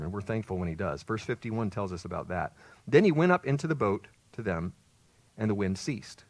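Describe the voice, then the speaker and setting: A male pastor delivers a sermon at an ordinary pitch. He builds to loud, stressed phrases and then falls back to quiet asides. The recording is dry and close. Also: dry recording. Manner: expressive, rises to loud emphasis then drops low.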